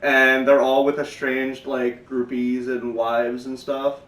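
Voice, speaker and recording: A man's voice: mid-range voice, level tone, takes it slowly, fairly bright tone, distant mic. An easygoing man co-hosts a podcast in casual chat, laughing often and swearing offhandedly. He sits away from the mic, and the room is noticeably echoey. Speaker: podcast co-host.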